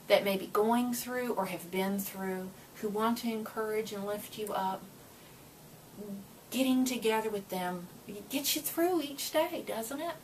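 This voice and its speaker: A woman talking warmly and earnestly to her viewers in a casual, motivational way, her feelings close to the surface. Her voice sits in a middle register and comes across from a little way off the microphone. A faint hiss hangs behind it. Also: a little high. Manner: earnest and emotional. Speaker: Christian vlogger sharing encouragement. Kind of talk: casual motivational talk to camera. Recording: voice a bit far from the mic with faint noise.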